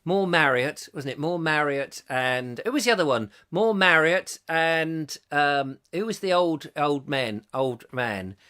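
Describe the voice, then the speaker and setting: English male host, bright higher voice, rambling jokey chat. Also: animated, unhurried, few pauses, clear, resonant tone. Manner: rambling, jokey, reads viewer comments aloud. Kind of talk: casual live-stream chat.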